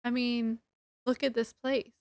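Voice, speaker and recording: A woman's voice: fairly high pitch, level tone, measured pace, a little mellow, dry recording. A woman with a child, casually retelling a novel's ending for her book review vlog, sniffly from allergies and filling her talk with "like" and little laughs. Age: adult with a child. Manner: chatty retelling with many "like"s and laughs.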